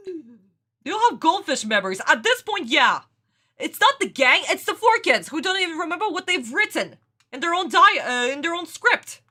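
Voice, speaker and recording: Very high, excitable woman reacting. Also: measured pace. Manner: excitable, dramatic, exclaiming. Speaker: reaction video host. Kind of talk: casual reaction commentary.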